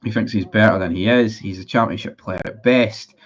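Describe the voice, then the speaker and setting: A man's voice: fairly low pitch, fairly quick, lo-fi sound. A man in a casual livestream, reading out viewer comments and answering them in a blunt, sweary, sarcastic way. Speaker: football fan streamer.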